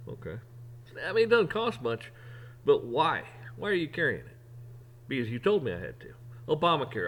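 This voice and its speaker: A man in mid-rant on his own show, blunt and heated. He swears freely and stumbles over repeated words as he pushes his point. His pitch sits right in the middle for a man. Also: big pitch swings, fairly quick. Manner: repeats words and restarts when worked up. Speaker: podcast host. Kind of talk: opinion rant.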